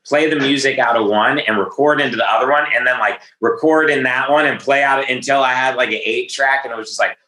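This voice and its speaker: A man from Northern Virginia, a music producer talking in a casual interview, excitable and self-deprecating. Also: medium pitch, brisk, few pauses, reverberant, rough recording.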